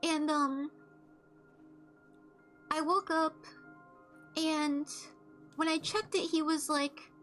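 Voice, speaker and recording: Very high-voiced, foul-mouthed young woman. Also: steady tone, extremely slow, long pauses, a bit bright, faint music behind. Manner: blunt, profane storytelling. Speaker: streamer. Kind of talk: casual chat while playing a game.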